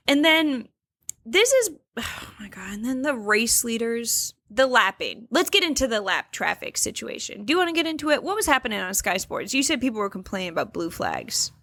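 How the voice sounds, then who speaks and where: A woman co-hosting a podcast in casual chat, animated and swearing freely as she talks. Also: on the high side, moderate pace, dry recording. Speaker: podcast co-host.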